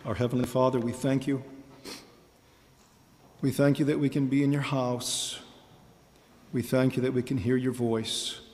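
Male pastor, mid-pitched, impassioned sermon delivery, hard repetition, echoing sanctuary. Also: level tone, unhurried, long pauses, darkish tone. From Michigan, USA. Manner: impassioned, rhetorical questions, repeats key phrases. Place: church sanctuary. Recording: reverberant church hall.

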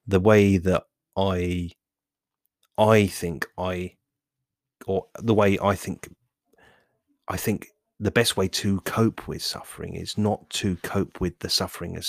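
A man's voice: sits low, dry recording, studio quality. A man hosting a fitness podcast, talking in a rambling, self-correcting monologue. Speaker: podcast host.

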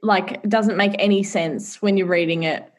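A woman's voice: medium pitch, steady tone, moderate pace. A young woman, co-hosting a podcast in casual chat, telling family stories and laughing often. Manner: chatty, laughs often, mimics family in quoted voices. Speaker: podcast co-host.

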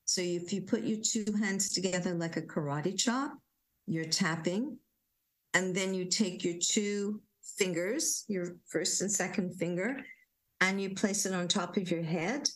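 A woman leading a guided relaxation talk at home, giving slow, soothing instructions with gentle repetition. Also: fairly low pitch, low-quality recording. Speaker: parenting coach leading calming exercises.

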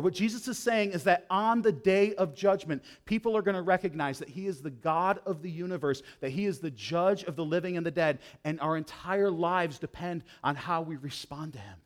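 A man with a somewhat high voice delivers a sermon. He talks straight to his listeners, building to loud emphatic lines and then sinking into low, hushed ones. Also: moderate pace, hardly any pauses. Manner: direct address to listeners. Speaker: pastor.

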